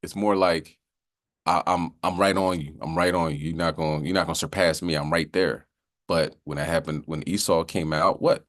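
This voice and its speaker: Chatty low-voiced man teaching a class. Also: fairly even intonation, moderate pace. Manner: loose and chatty, full of "you know what I mean"; slips into joking voices to act out sayings. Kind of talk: casual Bible class teaching.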